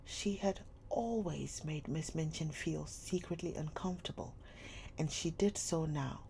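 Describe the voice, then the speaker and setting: A woman reading a classic novel aloud live, slow and soft, often dropping near a whisper, with a faint hum behind. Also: low-pitched, vocal fry.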